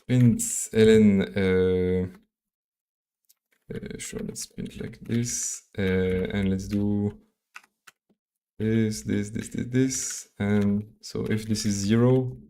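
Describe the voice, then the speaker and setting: A man from Belgium with a French accent, live-coding on a stream and thinking aloud in a halting, mumbling way full of fillers and restarts. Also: on the low side, fairly even intonation, warm tone, clean tone.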